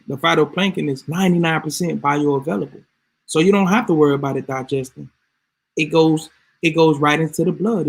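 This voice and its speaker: A man's voice: on the high side, gravelly, husky. A man ranting casually to his viewers, emphatic and swearing freely. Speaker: vlogger. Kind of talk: casual rant to camera.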